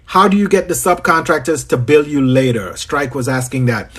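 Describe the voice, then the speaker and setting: This business coach from Trinidad speaks in a Trinidadian accent during a livestream Q&A, his mid-range voice moderately paced, a bit bright and breathy. He's talkative, welcomes viewers by name and repeats his phrases.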